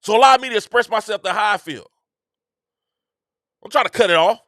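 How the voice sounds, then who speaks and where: A man hosts his own show in a slangy, emphatic riff. His voice sits high and swings widely in pitch, with a bright, tense edge, recorded dry and close. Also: animated, fairly quick, no room sound. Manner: repetitive, emphatic, slangy and conversational. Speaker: show host. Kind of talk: casual commentary monologue.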